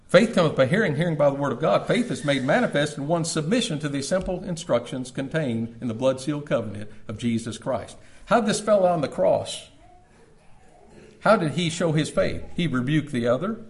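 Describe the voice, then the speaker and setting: A man's voice: fairly high pitch, animated. Man preaching a dramatic sermon. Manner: dramatic pauses, swelling then dropping to near-whispers. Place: church service.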